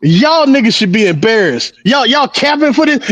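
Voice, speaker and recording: A man's voice: extremely high pitch, sing-song, moderate pace, few pauses, a bit bright. A man in casual wrestling chat, ranting with profanity and laughing often. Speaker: podcast co-host.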